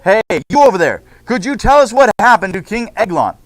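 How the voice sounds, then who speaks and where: A man's voice: high voice, big pitch swings, measured pace, no room sound. A man doing an eager field reporter. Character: male field reporter at a crime scene.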